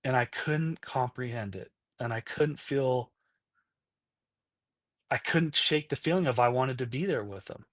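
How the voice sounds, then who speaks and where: A man's voice: mid-range voice, unhurried, a bit bright, no room sound, clean studio sound. A man in his thirties, a podcast guest, speaking candidly about his past and often checking in with "right?" and "you know?". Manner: acts out past conversations in quoted voices. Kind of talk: candid personal storytelling.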